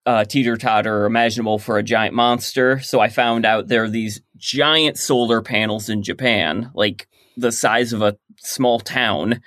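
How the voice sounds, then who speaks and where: A man's voice: fairly low pitch, steady tone, a little slow, hardly any pauses, a bit bright, dry recording, studio quality. A man being interviewed on a podcast about his work, explaining his ideas at length in casual chat. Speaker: guest comic creator.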